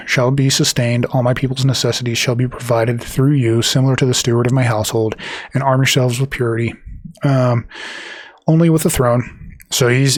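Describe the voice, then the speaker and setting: A man reading scripture aloud and explaining it, talking haltingly with many fillers and restarts, and reading the quoted passages quicker than his own remarks. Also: medium pitch, no echo, clean studio sound. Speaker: Bible teacher.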